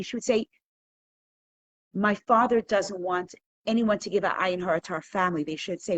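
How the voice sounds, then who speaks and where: A middle-aged woman teaching a live online Torah class, telling stories with animated laughter. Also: medium pitch, a little fast.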